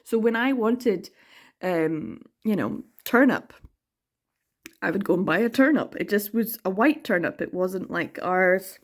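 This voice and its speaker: Scottish woman, casual vlogger, animated and laughing, mid-pitched, swears for emphasis. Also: a little slow. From Scotland. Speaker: manga reading vlogger. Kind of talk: casual reading vlog chat.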